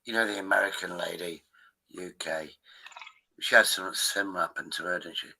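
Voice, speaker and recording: Brief: male stream host with a low, punchy, strained voice; rambling and swears freely. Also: brisk, vocal fry, bright, forceful tone, slight background noise, rough recording. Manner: rambling and profane. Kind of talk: casual chat.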